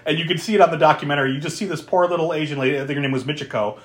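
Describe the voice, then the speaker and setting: A podcast co-host in loose, casual chat who walks through a film scene by scene. The voice sits in an ordinary middle pitch, broken up by frequent laughs, blunt swearing and dry, sarcastic asides. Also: racing.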